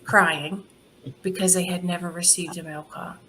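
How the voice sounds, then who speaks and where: In a casual interview, a middle-aged charity founder tells lively stories, laughing often and acting out the people she quotes. Her voice is on the low side at a normal speed, with a little hiss or hum in the background.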